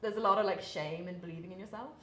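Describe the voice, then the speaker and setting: Low-voiced British woman, chatty and laughing. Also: steady tone, fast, a bit bright. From Britain. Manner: chatty, many fillers, laughs between thoughts. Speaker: professional grappling athlete, interview guest. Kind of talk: candid casual interview talk. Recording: echoey room, faint hiss.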